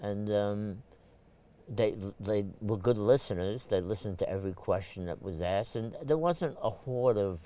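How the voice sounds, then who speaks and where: An older man from Brooklyn, telling stories at a rambling pace, full of fillers and restarts, and clearing his throat often. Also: lowish voice, measured pace, dark tone. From Brooklyn, New York. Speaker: photographer, interview guest. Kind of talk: casual storytelling interview.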